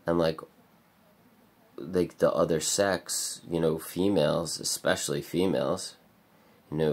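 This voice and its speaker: A man with a deep, gravelly voice rambles through a bleak confessional vlog. His tone is husky and rough at the edges, and he swears constantly and leans on filler words. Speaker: vlogger.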